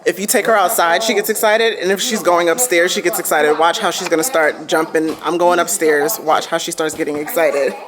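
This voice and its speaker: A woman's voice: fairly low pitch, steady tone, a little fast, hardly any pauses, a crowd in the background. A woman, chatting casually to viewers in her vlog. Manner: chatty, addresses viewers as y'all. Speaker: vlogger.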